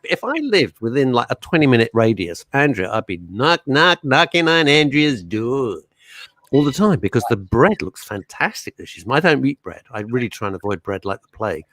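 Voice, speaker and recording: A man's voice: mid-range voice, fairly bright tone, no echo, clean studio sound. A middle-aged man hosting a radio show, chatting casually and rambling through anecdotes. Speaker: radio host. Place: radio studio.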